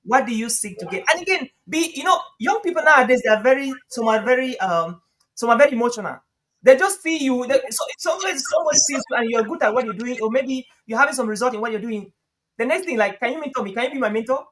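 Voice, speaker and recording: A man talking as a guest coach on a live stream, lively and emphatic, often laughing and repeating phrases for emphasis. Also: extremely high pitch, fast, rough recording. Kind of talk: conversational advice on a live stream.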